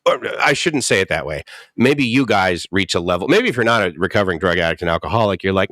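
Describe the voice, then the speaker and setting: A man's voice: lowish voice, lively intonation, moderate pace, a bit bright, dry recording, clean studio sound. A man in his fifties in recovery, telling his story candidly and animatedly, often chuckling and acting out quotes. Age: 50s. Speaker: guest speaker in recovery. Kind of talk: candid personal talk.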